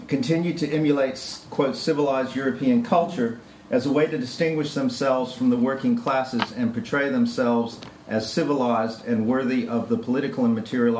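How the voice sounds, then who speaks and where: A man's voice: medium pitch, a little mellow, a little hiss or hum. A man giving an academic conference talk, reading a prepared paper with hesitant ad-libbed asides. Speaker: lecturer. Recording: roomy lecture-hall echo.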